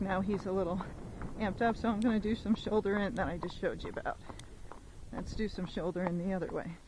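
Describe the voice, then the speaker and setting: A woman horse trainer riding outdoors in the rain, explaining each move in a casual, chatty way and counting the gait beats aloud in a steady rhythm, recorded on a phone mic while she rides. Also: medium pitch, noisy background. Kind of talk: instructional commentary while riding.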